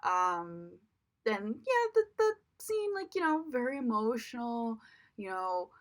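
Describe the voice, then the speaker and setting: A woman's voice: a little high, big pitch swings, slow. A young woman giving a casual spoken movie review, chatty and exasperated, with lots of fillers.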